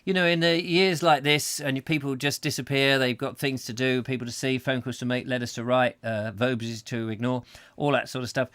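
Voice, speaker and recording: A man's voice: mid-range voice, flat delivery, brisk, a bit bright, dry recording. A man hosting a casual chat show, reading out viewer comments in a rambling, jokey way with many fillers. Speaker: host.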